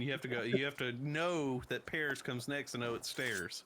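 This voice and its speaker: A man's voice: mid-range voice, fairly even intonation, fairly quick, bright, forceful tone, a little hiss or hum. A man from the United States hosting a casual podcast, talking in a rambling, chatty way. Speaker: podcast host. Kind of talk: casual chat.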